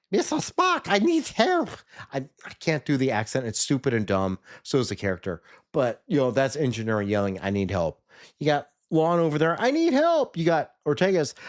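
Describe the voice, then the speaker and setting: A man casually recapping a TV episode, sarcastic and animated, sometimes mimicking the characters. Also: on the high side. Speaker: TV episode reviewer.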